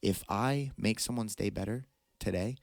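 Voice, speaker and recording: A man hosting a podcast, with a fairly low, gravelly voice full of vocal fry. He talks in a reflective, philosophizing way into a close mic. The recording is dry, with no room sound around him. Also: normal speed, dry recording. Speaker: podcast host. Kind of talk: conversational interview.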